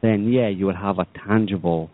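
Low-voiced man, sardonic political chat, rambling, thin phone-line sound. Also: brisk. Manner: rambling, sardonic, many restarts. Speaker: podcast co-host.

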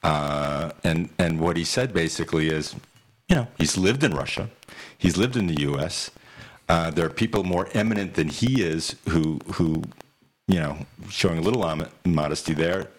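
A man in casual political chat, measured and wry, with many fillers. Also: low voice, expressive. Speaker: podcast co-host.

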